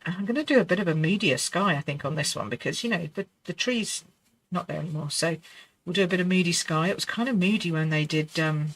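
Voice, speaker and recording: A woman's voice: lowish voice, fast. A middle-aged woman hosting a live card-making lesson, chatty and reassuring, laughing often and talking to herself as she works. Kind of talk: live crafting demonstration.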